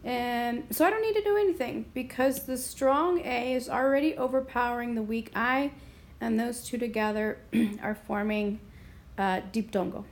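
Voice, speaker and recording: A woman who teaches Spanish goes over grammar in a measured, unhurried way. Her pitch is fairly high, and she breaks off from time to time to clear her throat.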